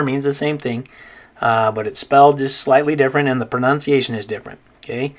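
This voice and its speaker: A man giving a recorded pronunciation lesson in a patient, mid-pitched voice. He stretches out each practice word and repeats it, checking in often with "okay?". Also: fairly bright tone. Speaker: Spanish teacher.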